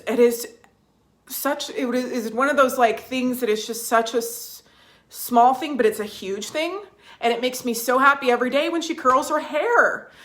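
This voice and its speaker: A woman vlogging from home, chatting casually with viewers, restarting sentences and reading out their comments. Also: on the high side. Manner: warm, chatty, reads viewer comments aloud; restarts sentences, fillers, emotional at times.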